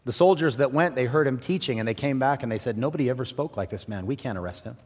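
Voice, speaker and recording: A man pastor preaching a sermon with passion, swinging from loud, rising bursts to quiet, low drops. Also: quick pace, husky. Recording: long reverb in a large hall.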